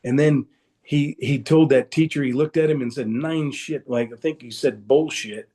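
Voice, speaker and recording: A man's voice: mid-range voice, moderate pace, mellow. A man telling a personal story as a guest in a casual, rambling way, with many restarts, over a video call. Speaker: guest speaker.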